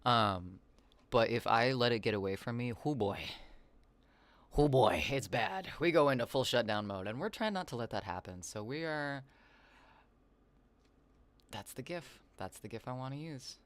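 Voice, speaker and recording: A man's voice: mid-range voice, lively intonation, moderate pace, a bit bright, no echo. A man rambling on a casual livestream from home, reading chat messages aloud into a desk microphone, his voice slightly raw. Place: home, with cats nearby.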